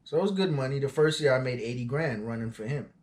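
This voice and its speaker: A forty-year-old man who owns an auto transport business tells his story casually, with frequent fillers and asides. His mid-range voice has a darkish tone, and he talks fast.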